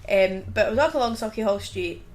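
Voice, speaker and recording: A woman's voice: mid-range voice, animated, fast talker. A young Scottish woman co-hosting a podcast, chatting casually, laughing often and swearing freely. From Scotland. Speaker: podcast co-host. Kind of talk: casual chat.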